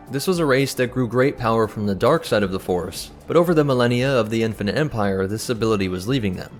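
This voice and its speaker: A man hosting a lore channel, giving brisk, informative scripted narration. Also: medium pitch.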